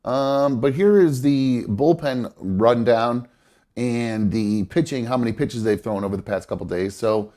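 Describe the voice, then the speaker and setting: Man, stuffed-up nose, live show host, loose rambling sports chat, mid pitch. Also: unhurried, dark tone. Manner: rambling, many fillers and self-corrections.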